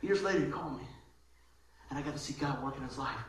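High-voiced pastor man in echoey church. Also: fast talker. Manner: animated storytelling, laughing often, repeats words. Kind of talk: casual sermon.

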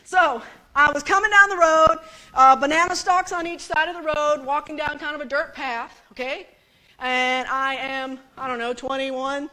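A woman from the United States preaches to her congregation with a high, bright voice. She tells her story in a chatty, animated way and laughs along with the room. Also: moderate pace. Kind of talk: sermon storytelling.

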